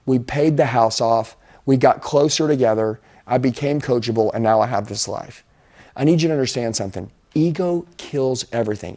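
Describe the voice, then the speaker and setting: A middle-aged man with a mellow, mid-range voice speaks as a sales and life coach. His motivational talk is intense and emphatic, delivered like a sermon.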